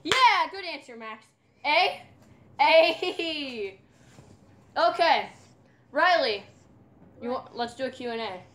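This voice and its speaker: Give me a high-pitched young woman teasing playfully in a casual vlog. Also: lively intonation, takes it slowly, pauses often, a bit bright. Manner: playful, teasing trash talk. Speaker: vlogger. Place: house, indoors and outside.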